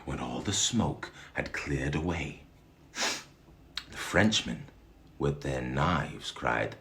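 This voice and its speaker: Man storyteller, very deep voice, gravelly, slow, expressive reading with lots of pitch movement. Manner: dramatic, animated, laughs along with the story.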